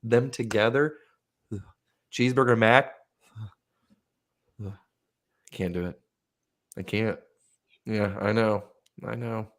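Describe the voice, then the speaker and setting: A young man co-hosting a casual show, telling stories in an animated way and swearing a lot. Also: on the low side, takes it slowly, long pauses. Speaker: podcast co-host. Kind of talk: casual banter.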